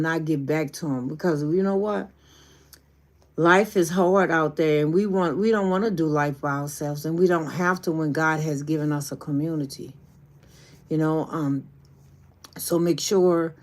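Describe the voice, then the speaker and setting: A deep-voiced woman from New Orleans coaches on YouTube during a casual livestream talk. Her manner is folksy, preachy and encouraging.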